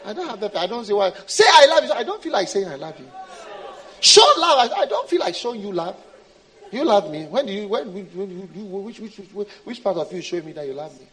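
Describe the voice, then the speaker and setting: A man's voice: high-pitched, big pitch swings, brisk, fairly bright tone. A man doing a cold, scornful husband brushing someone off. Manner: curt, scornful, laughing refusals. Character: cold husband dismissing an unloved wife.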